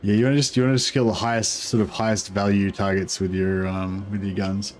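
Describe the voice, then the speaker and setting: A man's voice: on the low side, fast talker, slight background noise. A man giving casual, rambling gameplay commentary as a streamer, with plenty of fillers. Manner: relaxed, rambling, many fillers.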